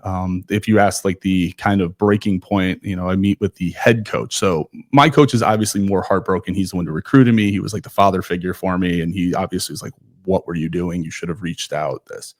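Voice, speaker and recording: A man in his forties from Ohio, a guest on a podcast. He speaks in a relaxed, conversational way and briefly voices the people he quotes. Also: deep voice, a little fast, few pauses, no room sound, clean studio sound. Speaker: podcast guest, former runner. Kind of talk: casual storytelling interview.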